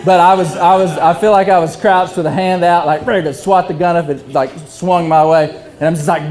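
A young man telling a hunting story, animated and often laughing while he talks. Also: a little high, fairly quick, few pauses. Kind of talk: casual storytelling.

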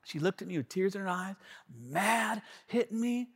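A man preaching a sermon as pastor, telling a story in an animated, conversational way with frequent asides to the congregation. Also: high-pitched, moderate pace, husky, long reverb tail. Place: church sanctuary.

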